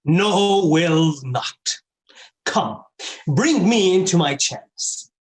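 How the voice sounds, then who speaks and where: A proud warrior prince boasts in a grand, declaiming style, breaking into loud shouts. The voice sits very high for a man and swings widely. It comes over a video call with a roomy echo. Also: animated, very slow, exaggerated voice. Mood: boastful. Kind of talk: Shakespeare stage acting over video call.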